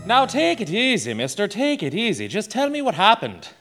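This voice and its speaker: An actor playing a brusque, impatient street police officer in a 1940s-style radio drama, with music underneath. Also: male voice, high voice, wildly swooping pitch, moderate pace, exaggerated voice.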